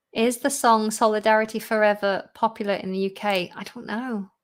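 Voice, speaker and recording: Taking questions from viewers in an informal live session, the English teacher, who also runs the channel, keeps a medium pitch, an even tone and a moderate pace. She laughs frequently, and there's a hint of tiredness in her voice.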